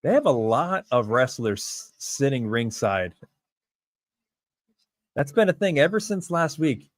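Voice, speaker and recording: Excitable male fan calling a match. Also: medium pitch, takes it slowly, dry recording, clean studio sound. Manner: excitable, chatty fan talking to chat. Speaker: wrestling reaction streamer. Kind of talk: live reaction and play-by-play commentary.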